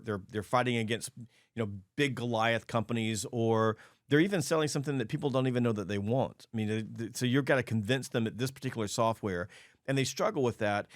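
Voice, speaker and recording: A man's voice: medium pitch, no room sound, studio quality. A middle-aged man hosting a sales podcast, speaking emphatically like a coach and repeating phrases for effect. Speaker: podcast host. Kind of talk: casual interview talk.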